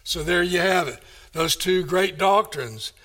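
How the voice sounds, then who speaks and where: Slow, high-voiced man preaching a sermon. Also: sharp tone. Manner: emphatic, rhetorical questions, measured delivery. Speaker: pastor.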